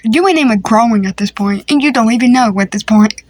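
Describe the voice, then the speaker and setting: A woman's voice: on the high side, brisk, a little mellow. A woman improvising a comedy family skit, talking in a playful, teasing, slangy way. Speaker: creator voicing a family skit.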